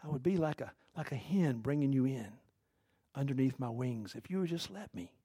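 A man voicing Jesus as a gentle, pleading grown man, speaking softly and tenderly in a sermon. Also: medium pitch, animated, normal speed, husky, no room sound, studio quality, voice pushed down. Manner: soft, tender, near-whispered pleading.

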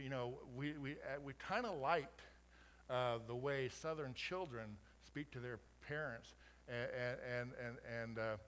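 A middle-aged pastor from Colorado with a slight Oklahoma twang, preaching conversationally and climbing to emphatic peaks. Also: male voice, medium pitch, fairly bright tone. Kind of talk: sermon.

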